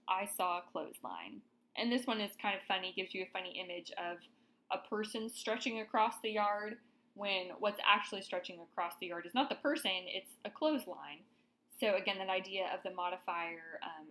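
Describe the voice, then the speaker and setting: A woman's voice: medium pitch, a bit bright, poor audio. Casual woman teaching grammar. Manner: friendly, checks in with students, casual fillers. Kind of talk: grammar lesson explanation.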